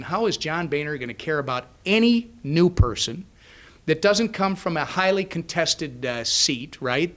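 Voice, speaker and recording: Animated, bright-voiced man telling stories. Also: on the high side. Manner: animated storyteller who acts out dialogue. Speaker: congressman speaking at a business luncheon. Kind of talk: speech with anecdotes. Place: luncheon event.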